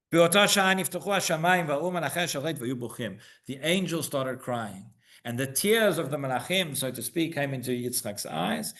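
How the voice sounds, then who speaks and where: A rabbi gives a Torah lesson to his congregation in a synagogue. His voice sits a little high for a man, and he talks in an engaged, conversational way, throwing out rhetorical questions and tagging on "right?" as he goes. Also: vocal fry, fairly bright tone. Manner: repeats words as he builds a point. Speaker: rabbi teaching the weekly Torah portion.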